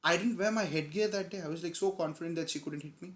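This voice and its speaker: Man, vlogger, rapid casual storytelling, animated emphasis, fairly high voice, echoey room. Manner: animated, emphatic retelling with quoted dialogue. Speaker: vlogger telling a personal story.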